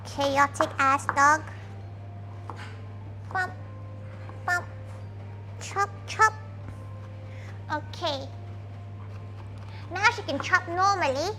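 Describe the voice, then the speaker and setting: A woman's voice: very high-pitched, very slow, pauses often, sharp tone. A woman streaming as a VTuber, chatting casually while cooking and talking to her dog, playful and crude, referring to herself in the third person.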